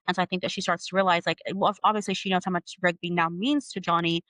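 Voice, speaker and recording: Woman, podcast co-host, fast bright casual recap, dry mic. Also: lowish voice, fairly even intonation, no echo. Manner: quick recap with many fillers like "like" and "you know".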